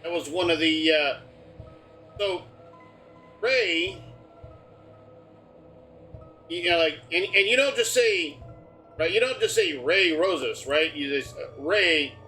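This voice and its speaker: Male streamer, bright, slightly high voice, loose joking chatter, faint game music behind. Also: lively intonation, slow pace, long pauses. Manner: rambling, joking, talks through on-screen prompts. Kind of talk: casual live game commentary.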